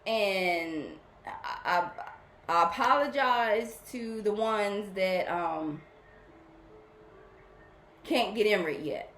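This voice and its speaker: A woman hosting a spiritual program, talking casually and warmly to her followers, often repeating herself as she rambles. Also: mid-range voice, drawn-out words, long pauses, roomy sound, slight background noise.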